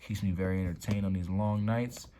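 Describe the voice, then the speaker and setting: A man with a notably deep, low voice hosts a relaxed showcase of his card collection from a room at home. He talks in loose slang, swears casually, and sometimes sinks to a hush while admiring a card. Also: fairly quick. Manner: laid-back slangy talk, swears, drops to whispers over cards. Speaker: YouTube card-collection host.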